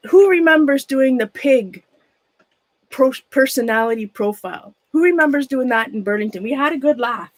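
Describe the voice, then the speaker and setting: A middle-aged woman chats casually on a livestream, her voice sitting a little high. She sounds nervous and a bit shaky, rambling on and greeting viewers by name as she sorts through her things. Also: lively intonation, normal speed, dry recording, low-quality recording. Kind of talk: casual livestream chat while sorting a closet.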